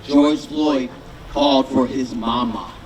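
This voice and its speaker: Male rally speaker outdoors, unhurried and rousing, distant mic, crowd behind. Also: mid-range voice, darkish tone, a little hiss or hum. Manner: rousing, repetitive, leads a call-and-response chant. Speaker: rally speaker, city councilor. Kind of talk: rally speech. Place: outdoor sports field rally.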